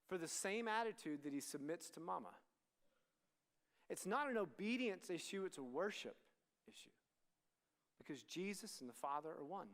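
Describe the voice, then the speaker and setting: A man delivering a conversational sermon to students, his voice sitting high for a man. He acts out the dialogue of the people in the story as he goes. Long reverb from a large hall trails after his words. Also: lively intonation, moderate pace, long pauses, fairly bright tone. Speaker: student ministry speaker.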